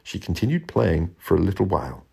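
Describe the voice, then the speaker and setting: Expressive man reading a children's story. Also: low voice, a little fast, creaky, a little hiss or hum.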